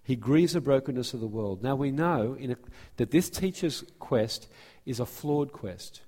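Earnest pastor in a reverberant church. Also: male voice, mid-range voice, expressive, warm tone. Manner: earnest, restarts phrases, speeds up and slows down. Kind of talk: sermon with church announcements. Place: church sanctuary. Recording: long hall reverb from a church.

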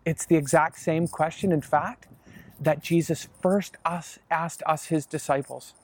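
A man's voice: fairly high pitch, steady tone, unhurried. A man playing an earnest male disciple, speaking straight to the audience in a chatty first-person monologue. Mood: explaining. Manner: conversational, earnest, addresses listeners directly.

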